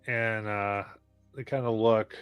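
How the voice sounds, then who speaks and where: A man narrating as game master of a tabletop game, halting, with many fillers and sighs. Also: on the low side, steady tone, smooth, no echo, faint music behind.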